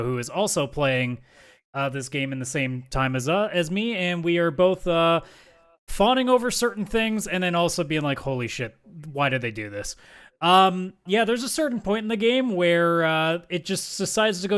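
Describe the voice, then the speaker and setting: A man with a fairly high, smooth, resonant voice chats as a podcast co-host. He talks candidly and drops swear words casually as he goes. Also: fairly bright tone. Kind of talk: casual chat.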